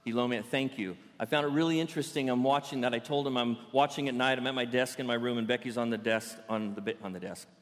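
A man preaching a sermon to a congregation in a playful, animated storytelling way. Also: medium pitch, quick pace, few pauses, in a large hall. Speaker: pastor. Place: church sanctuary.

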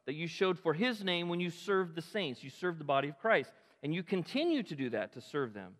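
Pastor guy preaching hard, kinda high voice, big echo off the church hall. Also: very animated, brisk. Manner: impassioned, rising to emphatic peaks and dropping to quiet asides. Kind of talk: sermon. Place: church sanctuary.

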